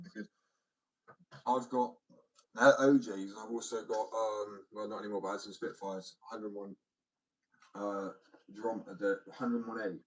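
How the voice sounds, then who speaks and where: A low-voiced man talks in a loose, rambling way, swearing now and then and circling back over the same point. His voice is naturally deep and slightly mumbly. It sounds set back from a built-in mic rather than close to one. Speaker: fingerboard streamer. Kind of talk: casual live-stream chat. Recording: built-in mic, a little distant.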